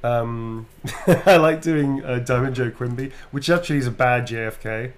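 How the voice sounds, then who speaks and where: Relaxed British man talking shop. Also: mid-range voice, normal speed. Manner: relaxed, demonstrates voices, swears casually. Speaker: voice actor signing autographs on a livestream. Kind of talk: casual livestream chat.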